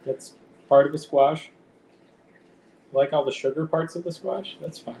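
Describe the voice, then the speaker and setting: A man's voice: fairly high pitch, fairly even intonation, a little slow, creaky, pauses often, dark tone. A man rambling casually on a live stream at home, swearing now and then and talking to his cat. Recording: roomy with faint background noise.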